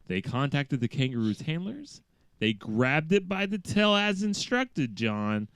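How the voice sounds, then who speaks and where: A man's voice: fairly high pitch, very animated, unhurried, a bit bright, clean tone, dry recording. A man on a casual podcast, reading a news story aloud in a mock-serious delivery that keeps slipping into laughter.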